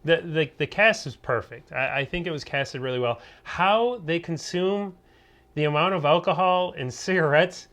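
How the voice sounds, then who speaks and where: A man's voice: on the high side, normal speed, a bit bright. Opinionated male podcast host. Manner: opinionated, hedging with "I felt like", restarts often. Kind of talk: casual podcast review chat.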